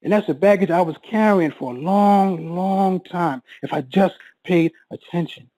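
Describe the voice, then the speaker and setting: A man's voice: high-pitched, mellow, no room sound, poor audio. Emotional man telling a personal story. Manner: halting, repeats words, voice rises when reliving panic.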